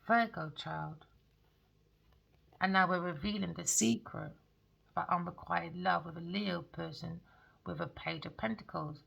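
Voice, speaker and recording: A woman giving a spoken tarot reading, blunt and excitable, swearing freely. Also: fairly low pitch, unhurried, gravelly, pauses often, husky, muffled recording. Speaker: tarot reader.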